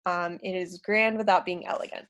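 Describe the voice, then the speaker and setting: A woman's voice: on the low side, fairly even intonation, moderate pace, fairly bright tone. Woman reading stage directions. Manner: hesitant, with fillers. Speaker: narrator.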